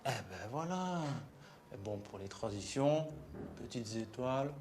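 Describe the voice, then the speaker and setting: A man's voice: medium pitch, normal speed, heavy background noise, lightly acted. An actor playing an eager young man in a short film, pushing wild ideas for his own demo tape. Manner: excitable, pushy, full of ideas.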